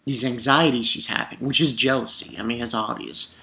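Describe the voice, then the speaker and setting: A man casually recapping an anime episode, excitable and animated, with the odd curse word. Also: mid-range voice, fairly quick, slight background noise. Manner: excitable, animated retelling with swearing. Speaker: anime reviewer.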